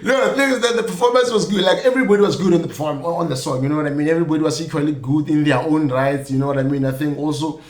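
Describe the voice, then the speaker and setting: A man's voice: a little high, fairly even intonation, racing, few pauses, reverberant. A young South African man hosting a podcast, talking loosely and casually with lots of fillers and jokey asides. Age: young adult. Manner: loose and chatty, many fillers like "you know what I mean", jokey asides. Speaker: podcast host. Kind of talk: casual solo commentary.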